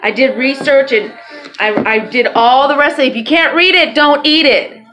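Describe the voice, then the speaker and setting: A woman's voice: sits high, moderate pace, a bit bright, low-quality recording. A woman talking to her camera in a rambling, chatty way, swearing freely. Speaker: vlogger. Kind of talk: casual talk to camera. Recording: music playing behind voice.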